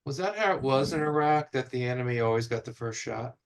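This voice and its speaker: A man's voice: medium pitch, lively intonation, a little fast. A man interviewing a veteran, asking probing follow-up questions from off-mic. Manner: probing, clarifying. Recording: distant off-mic voice.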